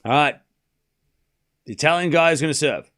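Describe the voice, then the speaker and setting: A man's voice: fairly high pitch, normal speed, fairly bright tone. A man casually commentating a live tennis match on a stream, joking and chatting with viewers. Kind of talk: casual watchalong play-by-play.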